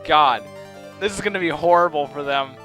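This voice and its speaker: A man's voice: fairly high pitch, moderate pace, bright, forceful tone, soft background music. Giggly let's play commentator man. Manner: giggly, self-mocking. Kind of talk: casual game commentary.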